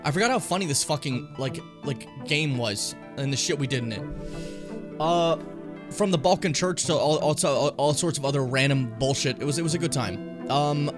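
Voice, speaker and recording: A man streaming a video game in casual commentary, excitable, swearing and shouting at enemies. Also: fairly high pitch, normal speed. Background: game music.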